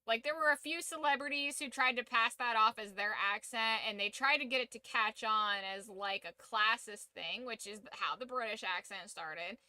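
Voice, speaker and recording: A woman's voice: a little high, moderate pace, hardly any pauses, pushed and bright, dry recording. A woman hosting a casual livestream, giving an opinionated, profanity-laced rant. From United States. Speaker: streamer and channel host.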